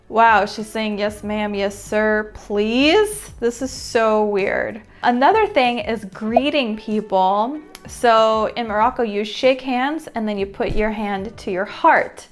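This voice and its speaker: Chatty young Southern American woman. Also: on the high side. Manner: chatty, laughs often, lots of "like". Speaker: vlogger. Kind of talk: casual storytelling to camera.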